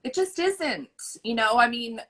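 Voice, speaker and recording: A woman's voice: fairly high pitch, lively intonation, unhurried, a bit bright, rough recording. A woman in her forties, a mother of a large family, answering interview questions in a candid, rambling way and laughing often over a video call.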